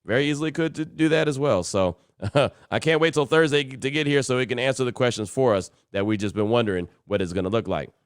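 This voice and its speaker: Fast-talking male podcast host. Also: mid-range voice, smooth, no echo, clean studio sound. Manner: chatty, laughs easily, animated when telling stories. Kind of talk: casual call-in podcast talk.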